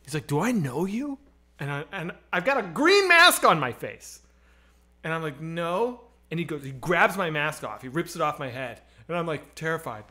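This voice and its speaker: A man on a comedy stream telling a wild story, animated and profane, acting out the voices in it. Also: on the high side, fairly quick. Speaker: comedy podcast host.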